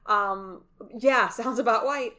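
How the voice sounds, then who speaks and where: A woman co-hosting a podcast in casual chat, emphatic and animated, with quick swings in pitch. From Latin American heritage. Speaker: podcast co-host.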